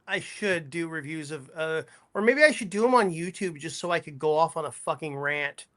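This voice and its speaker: A man on a talk show as a guest, crude and excitable, stammering over his words. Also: fairly high pitch, moderate pace. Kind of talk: casual talk show chat.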